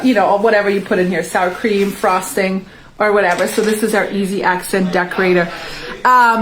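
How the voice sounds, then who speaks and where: A woman's voice: fairly high pitch, fairly bright tone, a little hiss or hum. A woman hosting a casual live cooking demo from her home kitchen, chatting and asking viewers if they agree. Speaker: home cooking show host selling kitchen products. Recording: echoey room, far from the mic.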